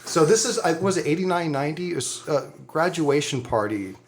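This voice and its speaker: A man's voice: a little high, animated, fairly quick, noisy background. A middle-aged man, telling a wild party story on a podcast, swearing, laughing and acting out what people said. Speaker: podcast co-host. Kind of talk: animated storytelling, casual chat.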